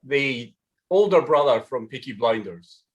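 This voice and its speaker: A man's voice: mid-range voice, animated, measured pace. A man guesting on a live panel podcast, hesitant and sheepish with a dry wit. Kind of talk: casual panel chat.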